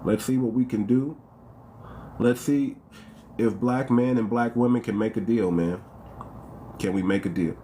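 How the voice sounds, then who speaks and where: A man hosting a livestream in a loose, rambling way, circling back over his own words and throwing questions at his viewers. His voice sits at an ordinary middle pitch. A faint hum of ambient noise runs underneath. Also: measured pace, long pauses, mellow. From United States. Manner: rambling, repeats phrases, fires off rhetorical questions; calls out to viewers by name. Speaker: livestream host. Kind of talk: casual livestream talk.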